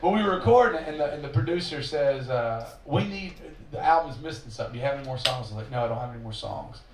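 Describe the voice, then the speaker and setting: Between songs at a live show, a singer-songwriter tells a long, profane story that pokes fun at himself. He talks fast in an animated, mid-range voice, recorded from a distance in a roomy venue with audience ambience.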